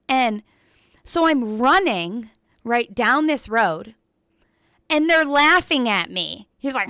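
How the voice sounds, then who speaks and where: A young woman co-hosting a radio show, telling a ranting story in a casual, animated way full of "like", often laughing. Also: fairly high pitch, unhurried, smooth, dry recording, studio quality. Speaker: radio co-host.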